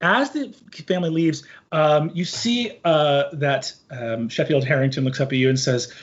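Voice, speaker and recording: A man narrating as game master of a tabletop game, animated and prone to giggles and fillers. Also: a little high, normal speed, hardly any pauses, lo-fi sound.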